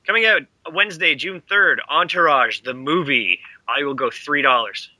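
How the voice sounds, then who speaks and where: A man's voice: a little high, normal speed, sharp tone, rough recording. A man co-hosting a casual chat, announcing movie releases and opening bids, with playful swearing. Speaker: co-host. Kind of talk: casual podcast banter.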